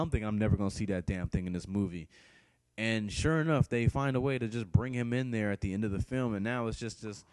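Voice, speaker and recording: A man's voice: on the low side, darkish tone, dry recording. A man giving a blunt, profane movie review, rambling with frequent restarts and fillers. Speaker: film reviewer. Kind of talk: casual spoken movie review.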